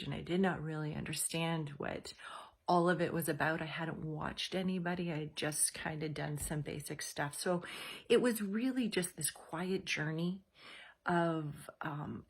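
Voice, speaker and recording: A woman in her forties tells a personal story. Her voice sits low and slightly husky. She talks in a casual, confiding way, full of fillers. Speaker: host.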